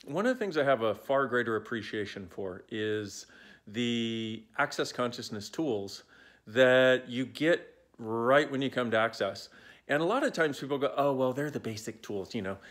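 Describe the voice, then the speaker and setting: A man in his forties speaks casually into a phone held at arm's length, coaching viewers in a playful, wandering way. His pitch swings widely and freely, and he drifts off on side jokes before circling back. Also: unhurried. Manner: animated, playful, digressive. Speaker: self-help speaker. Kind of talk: casual talk to camera.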